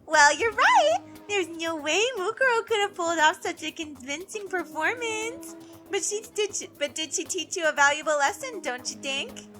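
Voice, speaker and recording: A woman's voice: very high-pitched, expressive, normal speed, sharp tone, faint music behind, heavily acted. A woman voicing an unstable teenage girl mastermind who swings between bored, cutesy and mopey tones. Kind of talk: fan voice-acting over a game.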